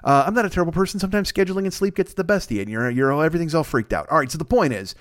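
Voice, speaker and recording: A man in his forties hosts a solo comedy podcast and rattles quickly through tangents. His delivery is self-deprecating and salty. The recording sounds dry and close. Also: on the high side, animated, no room sound. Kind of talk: casual rambling monologue. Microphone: studio microphone.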